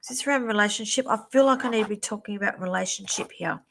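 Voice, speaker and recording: A woman hosting a live-stream psychic reading, chatty and reassuring, calling viewers darling, her voice going a little hoarse. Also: medium pitch, racing, a bit bright, slight background noise. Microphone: computer or phone mic on a live stream.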